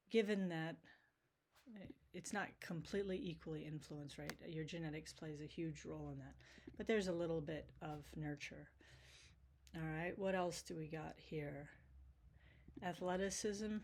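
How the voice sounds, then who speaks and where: Female teacher, lowish voice, relaxed lecture while working through slides. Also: slight background noise. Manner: casual, checks in with frequent "right?". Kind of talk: recorded video lecture.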